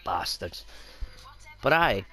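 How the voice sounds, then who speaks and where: A man's voice: lowish voice, very animated, takes it slowly, soft background music. A young Scottish man with a Scottish accent, giving sweary, rowdy commentary over his gameplay. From Scotland. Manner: sweary, rowdy, shouts at the game. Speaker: gaming YouTuber.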